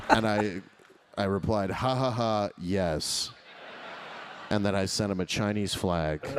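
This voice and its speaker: A man doing crowd-work stand-up comedy, loose and profane, laughing often and swinging his pitch up and down. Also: slight background noise.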